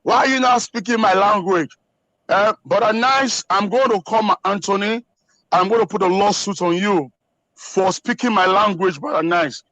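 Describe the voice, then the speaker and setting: A Nigerian man on a discussion panel teases another speaker playfully. His voice is high for a man and sounds dry and close, with no room around it. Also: moderate pace, sharp tone, no echo, low-quality recording. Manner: teasing, playful. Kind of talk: online discussion.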